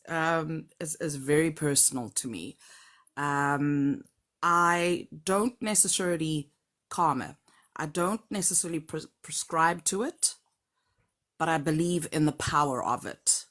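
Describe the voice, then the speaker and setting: A middle-aged woman with a notably low voice talks through a personal story. She is measured and reflective, coming through a phone or video call. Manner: measured, reflective, lively when joking. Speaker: caller on a live stream.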